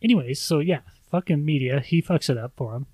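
A man's voice: a little high, a little fast, a little mellow, dry recording. A man co-hosting a podcast, casually recapping a movie plot in a rambling way. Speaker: podcast co-host.

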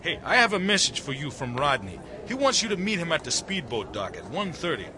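Polite formal tour guide, wry, lively voice, crowd murmuring behind. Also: male voice, fairly high pitch, fairly quick. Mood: courteous. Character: courteous knowing male tour guide. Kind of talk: radio drama acting.

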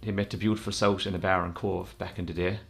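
A man's voice: low-pitched, flat delivery, fast, creaky, a bit bright, soft background music. A man co-hosting a podcast, reading out listener messages with laid-back, crude banter. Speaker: podcast co-host. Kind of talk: casual podcast chat.

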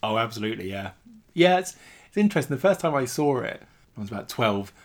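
Enthusiastic man co-host, casual film chat, quick to laugh. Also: mid-range voice, very animated, slight background noise. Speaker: podcast co-host.

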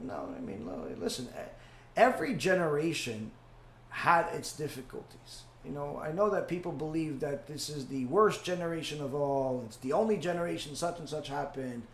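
A man teaching a Torah class and answering questions, halting with many fillers and repeating key phrases. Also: on the high side, reverberant, a little hiss or hum. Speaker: rabbi teacher.

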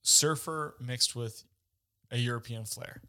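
A man in casual chat, talking haltingly with fillers as he hunts for words, swearing now and then. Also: mid-range voice, sharp tone. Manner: halting, searches for words, profane.

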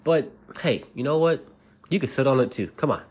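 A man's voice: mid-range voice, lively intonation, a little fast, darkish tone, husky, voice pushed up. A man voicing a cheerful, friendly little girl with red boots in a bedtime story.

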